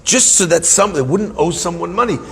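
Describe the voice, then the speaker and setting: A man gives a storytelling Torah lesson, acting out each quote. His voice sits a bit high, dropping low and quiet in some lines and rising to emphatic peaks in others. A long reverb trails each phrase, as in a large hall. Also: brisk, vocal fry. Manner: animated, acts out quotes, swings between hushed and emphatic. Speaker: rabbi giving a Torah talk.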